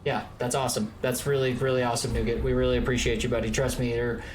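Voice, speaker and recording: A man's voice: medium pitch, quick pace, slight background noise. Rambling Southern-born man streaming games. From Georgia, US South. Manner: rambling, filler-heavy, excitable. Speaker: streamer, co-host. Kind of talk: casual gaming stream chat.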